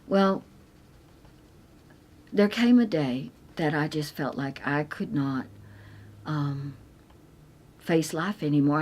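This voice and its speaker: A middle-aged woman tells her faith testimony at an unhurried, deliberate pace. Her voice sits a little low, and it is earnest and tender. At the most heartfelt points she sinks into a near whisper. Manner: earnest and tender, dropping to a soft whisper at emotional moments. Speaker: Christian speaker sharing her testimony.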